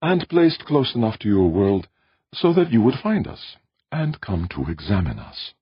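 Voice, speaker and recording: A placid, courteous alien elder, as a man reads him, explains things with unhurried patience. The voice sits higher than the reader's own and stays husky. The audiobook recording is dull and dry. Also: big pitch swings. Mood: calm, placating.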